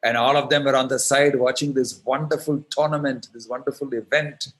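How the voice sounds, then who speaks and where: Brief: Indian-accented monk narrating a devotional tale with lively character voices. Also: male voice, medium pitch, a little fast. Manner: animated storytelling, acts out characters. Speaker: monk and preacher. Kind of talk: devotional storytelling sermon.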